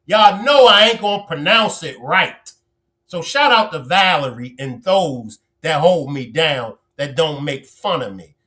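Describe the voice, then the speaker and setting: A man hosting a casual livestream, reading and teasing viewers' comments in an animated way, stretching words for emphasis. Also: on the high side. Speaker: livestream host.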